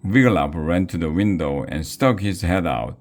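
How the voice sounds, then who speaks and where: A man reads a children's chapter book aloud in a very low voice. He takes his time, now and then tripping over a word and starting it again. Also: expressive, darkish tone. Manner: slow, with small slips and restarts. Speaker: storybook reader.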